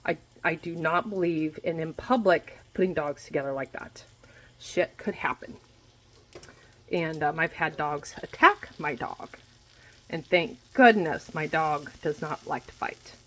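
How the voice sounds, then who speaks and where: A woman in her forties venting in a casual monologue, blunt and quick to swear, repeating herself for emphasis. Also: low voice, low-quality recording. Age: 40s. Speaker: vlogger. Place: home kitchen while food cooks. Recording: faint frying noise behind. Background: food sizzling in a pan.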